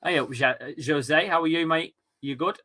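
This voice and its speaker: A man hosting a live football watchalong stream, reacting loudly to the match and chatting with his viewers in a casual, excitable way. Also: on the high side, normal speed. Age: adult with a young son. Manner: excitable, shouts and swears at the match, chats with viewers. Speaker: livestream watchalong host.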